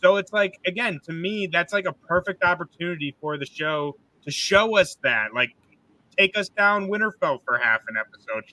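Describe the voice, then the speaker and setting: A man's voice: sits high, expressive, normal speed, pushed and bright, low-quality recording. A man hosting a casual podcast chat, rambling and frank, filling his talk with "like" and swearing freely. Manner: rambling, heavy use of "like", frank and profane. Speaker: podcast host.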